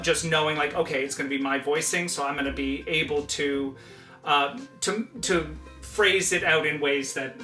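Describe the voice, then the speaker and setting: Guy chatting about writing a game, bright voice, kinda high, laughs a lot, echoey room. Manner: animated, laughs often. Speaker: game writer and voice actor. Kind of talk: casual chat.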